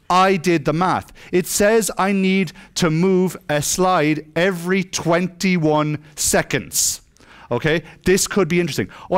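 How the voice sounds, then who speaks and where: A man giving a comic conference talk on stage, joking and acting out dialogue. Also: fairly high pitch. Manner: joking, self-mocking, acts out dialogue. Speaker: conference speaker.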